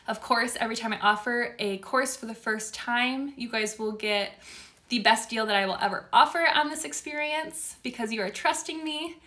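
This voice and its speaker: A young woman speaks to her followers in a casual live stream, heartfelt and openly emotional. Her voice sits a little high and rings bright and clear. She gushes with gratitude as she talks. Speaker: spiritual course creator.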